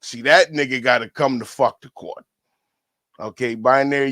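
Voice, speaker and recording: Loud, laughing livestream host man. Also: mid-range voice, lively intonation, normal speed, no echo. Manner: loud, laughing, profane banter with sudden shouts. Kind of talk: casual livestream sign-off, reading donations. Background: faint music.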